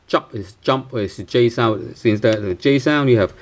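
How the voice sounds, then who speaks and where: A man's voice: medium pitch, animated, moderate pace. A man teaching a pronunciation lesson, hesitant and full of fillers, asking "right?" often and repeating sounds for practice. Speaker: language teacher.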